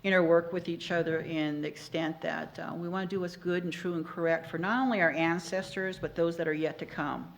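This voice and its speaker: An older woman speaking on a panel, soft-spoken and earnest. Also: fairly low pitch, fairly even intonation, brisk, gravelly, few pauses. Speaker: panelist, former tribal chairwoman. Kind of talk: panel discussion talk.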